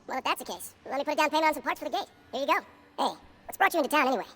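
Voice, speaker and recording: A chatty town gate clerk in a video game, asking questions at a very fast clip. Her voice is a little high, with a long reverb tail and soft music behind. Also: expressive. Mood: curious. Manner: chatty, inquisitive.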